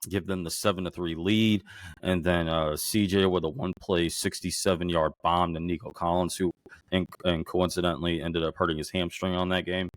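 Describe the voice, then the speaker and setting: Deep-voiced man in profane sports banter. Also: brisk. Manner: profane, excitable fan banter. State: voice worn from shouting. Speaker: podcast co-host. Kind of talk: casual sports chat.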